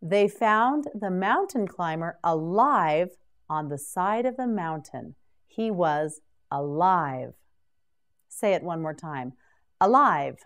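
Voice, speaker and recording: A woman teaching English vocabulary in a scripted drill, pronouncing each word clearly and deliberately. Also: on the low side, animated.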